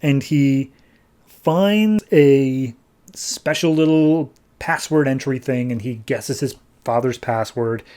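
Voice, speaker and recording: A man hosting a comics podcast, recapping an issue in a breezy, sarcastic way and slipping into quick character voices. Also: mid-range voice, darkish tone, clean tone. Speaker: podcast host, comics reviewer. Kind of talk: casual comic-book recap.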